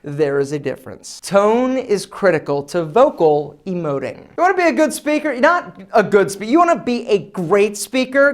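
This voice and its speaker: A male host giving casual advice straight to camera, talking in an energetic, emphatic and demonstrative way. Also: sits high. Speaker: men's style channel host.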